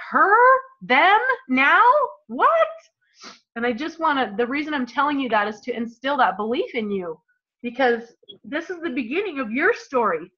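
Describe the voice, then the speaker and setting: Woman, thirties, bright forceful voice, fervent pep talk, dull lo-fi call audio. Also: a little high. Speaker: team leader on a call. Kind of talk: motivational team call.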